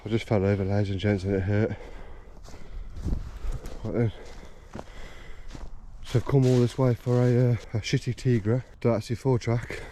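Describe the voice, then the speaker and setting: A man's voice: on the low side, level tone, normal speed, pauses often, warm tone. A man talking casually to camera, calling his viewers ladies and gents and swearing now and then. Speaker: vlogger exploring abandoned cars. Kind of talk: casual chatty vlog talk to camera. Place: in a car, then outdoors in snowy countryside. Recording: noisy outdoor recording with wind and car noise.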